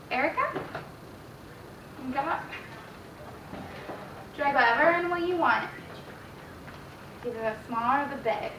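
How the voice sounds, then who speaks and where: A young woman with a fairly high voice leads small children through a classroom lesson, encouraging them and praising each answer. She is recorded from across an echoey classroom, with steady background noise. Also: recorded from a distance. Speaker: student teacher.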